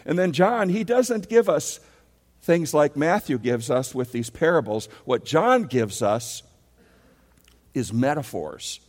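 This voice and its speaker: Male pastor mid-sermon, lively call-and-response delivery, long hall reverb. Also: a little high, takes it slowly. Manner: animated preaching, leads congregation call-and-response.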